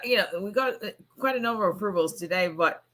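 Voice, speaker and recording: A hoarse woman immigration attorney on a casual livestream, chatting and greeting viewers by name. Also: mid-range voice, lively intonation, fast talker, a bit bright. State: hoarse, voice nearly gone.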